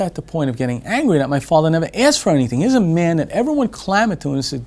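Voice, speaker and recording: An older man telling a family anecdote in a casual, animated way. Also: on the high side, fast. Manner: animated storyteller who acts out quoted voices. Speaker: restaurant family member telling a story.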